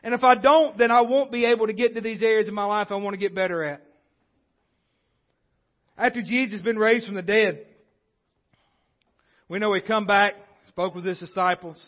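A man with a high-pitched voice delivers a sermon from the pulpit, speaking conversationally and often stumbling into restarts. The sound is dull and lo-fi, as if captured on modest equipment. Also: fairly even intonation, moderate pace, pauses often. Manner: conversational preaching with frequent restarts. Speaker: pastor. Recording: dull lo-fi recording.

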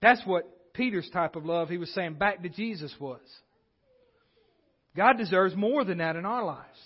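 A man with a high-pitched voice delivers a sermon from the pulpit, speaking conversationally and often stumbling into restarts. The sound is dull and lo-fi, as if captured on modest equipment. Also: animated, measured pace, slightly rough. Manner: conversational preaching with frequent restarts. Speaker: pastor. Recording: dull lo-fi recording.

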